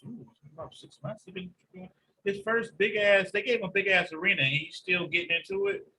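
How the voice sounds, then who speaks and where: High bright guy on a podcast, animated storyteller, cusses a lot. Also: fairly quick, a little hiss or hum, rough recording. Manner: animated storytelling, heavy profanity. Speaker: podcast host. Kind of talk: casual podcast chat.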